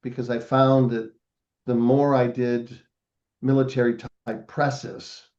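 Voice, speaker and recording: A man's voice: mid-range voice, level tone, slow pace, darkish tone, lo-fi sound. An older man, a podcast guest, telling a family story in a casual interview and acting out the voices of the people in it.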